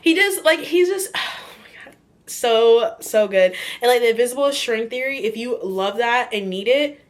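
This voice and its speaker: A woman's voice: on the high side, lively intonation, moderate pace, noisy background. A woman vlogging casually about a book she is reading. She rambles, fills her talk with "like" and "kinda", and gushes openly. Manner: chatty and gushing. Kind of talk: casual chat.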